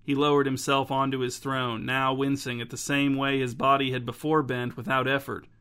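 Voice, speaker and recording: A man narrating a story in a steady, measured audiobook style. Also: mid-range voice, smooth.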